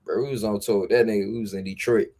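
A man's voice: on the low side, steady tone, fast talker, dark tone. A man chatting as a podcast guest, telling loose, profane stories in a laid-back way. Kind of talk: casual storytelling chat.

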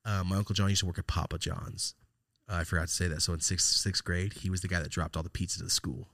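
A man with a somewhat low voice tells a story on his podcast in loose, casual chat. He swears a lot and acts out the voices of the people in it. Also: fast talker, creaky. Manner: profane, animated, acts out voices in his stories. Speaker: podcast host.

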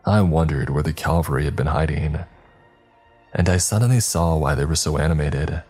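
A man narrating a scripted horror story with measured, dramatic storytelling. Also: extremely low pitch, slightly rough. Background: soft background music.

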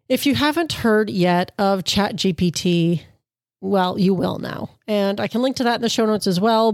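A woman hosts a podcast in a relaxed, chatty way, tossing in playful little asides. Her voice sits at a middle pitch. The recording is dry and close, with almost no room sound. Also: no echo. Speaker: podcast host. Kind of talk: casual podcast chat.

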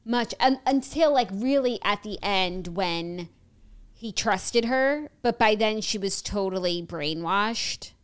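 A woman's voice: mid-range voice, lively intonation, takes it slowly, clean tone. A woman hosting a casual book club podcast, chatty and full of fillers. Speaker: podcast host.

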